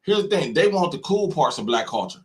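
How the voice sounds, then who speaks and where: An American host from the United States fires off heated opinions on his live stream, emphatic and repetitive, acting out other people's lines. His voice runs on the high side, very animated and fairly quick.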